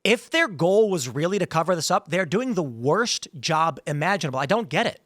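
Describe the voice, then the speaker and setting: A man's voice: on the high side, big pitch swings, a little fast, a bit bright, dry recording, studio quality. A man hosting a podcast, telling anecdotes in a casual, rambling way that often restarts sentences. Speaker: podcast host. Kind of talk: casual political chat.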